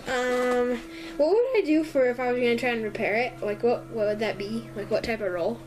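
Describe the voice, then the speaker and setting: Female player, hesitant, slightly high voice. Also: brisk, low-quality recording. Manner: hesitant, lots of ums and likes. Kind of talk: casual tabletop play.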